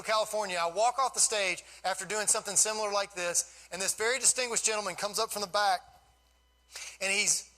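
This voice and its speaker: A man in his fifties giving an animated, folksy storytelling speech to a live audience as a guest speaker. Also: high voice, low-quality recording.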